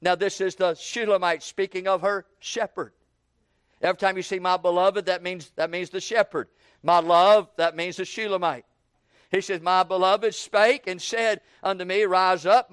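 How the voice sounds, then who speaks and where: A man preaching an evening sermon in a folksy way, repeating words and building up to shouted questions. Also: sits high, fairly even intonation, moderate pace, clean tone, dry recording, studio quality.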